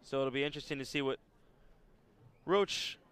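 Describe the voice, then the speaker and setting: A man giving baseball color commentary, casual and quick to cite player stats. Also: medium pitch, a bit bright, clear, resonant tone.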